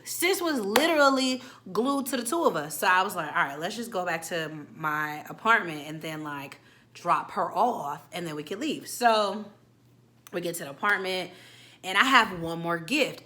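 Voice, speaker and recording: A young woman in her twenties telling a casual, animated storytime, acting out quotes with slang. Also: mid-range voice. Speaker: storytime vlogger.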